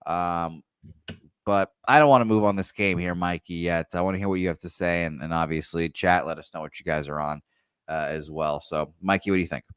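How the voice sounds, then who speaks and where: Male host, low voice, dry sound, loose rambling betting chat. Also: fairly even intonation, brisk, a bit bright, clear, resonant tone, dry recording. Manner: loose, profane, rambling with fillers. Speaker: sports betting show host. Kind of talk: casual sports betting chat.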